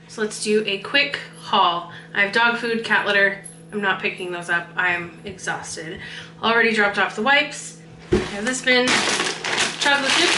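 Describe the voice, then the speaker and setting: Woman, thirties, rambling haul chat, higher voice, echoey kitchen. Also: noisy background. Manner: chatty, rambling, trails off in filler words. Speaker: vlogger. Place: home kitchen.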